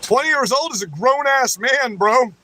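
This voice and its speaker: A man's voice: extremely high pitch, animated, normal speed, pushed and bright, slight background noise. A man hosting a livestream, ranting heatedly and with constant swearing at the people he is addressing. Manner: profane, heated, ranting to the audience; keeps saying "you know what I mean". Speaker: livestream host. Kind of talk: livestream rant.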